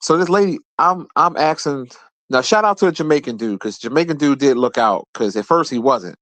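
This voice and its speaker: A man in his forties telling a rambling, profane story in a casual rant, his voice jumping high whenever he quotes someone. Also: a little fast, no room sound. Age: 40s. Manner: profane, animated, jumps high when quoting people. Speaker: streamer host.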